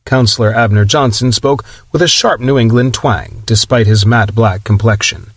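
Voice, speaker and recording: A man reading an audiobook in an even, measured style. His voice sits at a middle pitch. The recording is dry and close, with no room sound. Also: slightly rough, dry recording. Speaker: audiobook narrator. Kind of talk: scripted narration.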